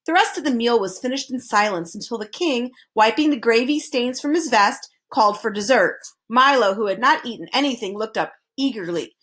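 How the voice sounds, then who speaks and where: Expressive woman reading a storybook. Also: fairly high pitch, brisk, hardly any pauses. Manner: expressive, animated narration. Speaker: narrator.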